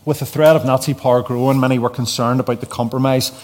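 A man preaching a keynote sermon, reading scripture slowly with soft falling phrase ends and building to emphatic repeated refrains. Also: medium pitch, fairly even intonation.

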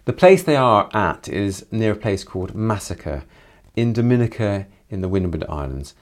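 A man's voice: lowish voice, animated, normal speed. A man summarizing a novel chapter by chapter, adding reflective personal asides. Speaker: literature commentator.

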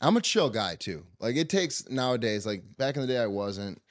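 A man tells a story in a casual podcast chat. He is animated and swears, and he acts out the other people in the story. His voice sits in the middle of a man's range, and it is recorded close and dry with no room sound. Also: medium pitch, normal speed, no room sound. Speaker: podcast co-host.

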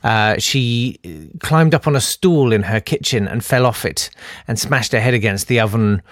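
A man's voice: medium pitch, normal speed, no echo, clean studio sound. A young man rambling through comic anecdotes, often interrupting himself and laughing at his own stories. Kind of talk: anecdotal storytelling.

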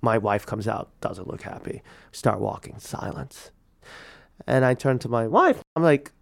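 Animated man telling his own story. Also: mid-range voice, vocal fry. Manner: animated, halting, many restarts. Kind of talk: personal storytelling.

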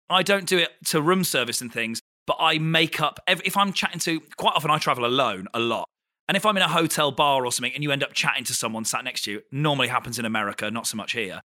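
Man, host, rapid-fire, crisp bright tone, excitable. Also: medium pitch. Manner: fast, excitable, swears casually. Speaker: comedian and podcast host. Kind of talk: casual chat.

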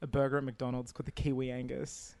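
A man's voice: mid-range voice, flat delivery, quick pace, creaky, mellow. A man co-hosting a podcast in loose, rambling casual chat, swearing now and then. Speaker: podcast co-host.

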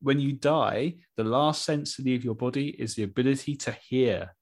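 A man co-hosting a casual podcast, reading out strange facts over a video call and adding wry, deadpan asides. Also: medium pitch, normal speed. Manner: wry, deadpan asides after each fact. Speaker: podcast co-host.

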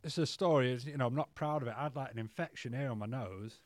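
Man, podcast guest, candid rambling talk, lots of "mate", mid-pitched voice, dead-dry close sound. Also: quick pace, dry recording. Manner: peppers speech with "mate" and swearing; loose, rambling with restarts. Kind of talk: candid casual storytelling.

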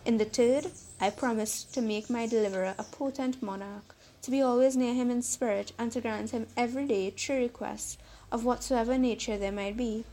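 A woman's voice: on the high side, steady tone, normal speed, mellow, natural voice. A woman voicing a fierce, vengeful male genie who speaks in stern, archaic formal language in a storybook reading.

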